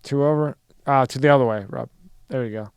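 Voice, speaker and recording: A man hosting a casual podcast interview, blunt and profane, throwing in quick questions and remarks. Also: medium pitch, clean tone, no room sound, clean studio sound. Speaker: podcast host.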